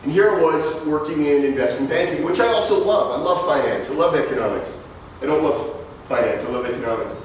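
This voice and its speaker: A guest lecturer in his forties, with a fairly high, animated voice, gives a brisk, conversational presentation to students, full of stories, jokes and asides. He's in a large lecture hall, recorded from far off so the room echoes, with a little hiss or hum.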